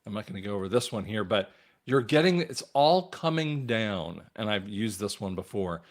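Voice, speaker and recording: A man hosting his own channel, giving a rambling religious and political commentary monologue in an emphatic voice that jumps from loud bursts to near mutters. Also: lowish voice, expressive, normal speed. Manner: addresses viewers directly as guys.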